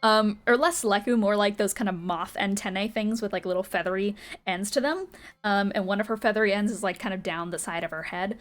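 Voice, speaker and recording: A woman's voice: mid-range voice, fairly quick. Casual woman game master, rambling. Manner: casual, rambling with many fillers. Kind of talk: narrating a tabletop game.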